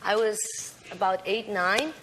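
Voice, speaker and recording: Animated woman with a Mexican accent. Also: medium pitch, measured pace, noisy background. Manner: laughing, animated storytelling. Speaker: guest. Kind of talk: casual talk-show chat. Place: TV studio.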